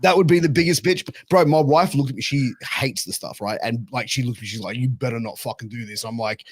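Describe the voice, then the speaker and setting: A man's voice: mid-range voice, quick pace, slightly rough, no echo. A young Australian man hosting a podcast, telling a story in a casual way with constant fillers and swearing. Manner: swears a lot, filler-heavy, animated retelling. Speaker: podcast host.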